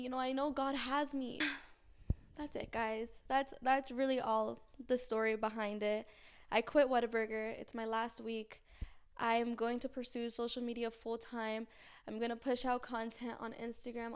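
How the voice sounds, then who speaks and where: Young woman vlogger with a high voice, rambling and earnest, nervous confessional chat. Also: clear, resonant tone. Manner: rambling, full of fillers and restarts; earnest, anxious, faith-filled. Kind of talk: casual confessional vlog.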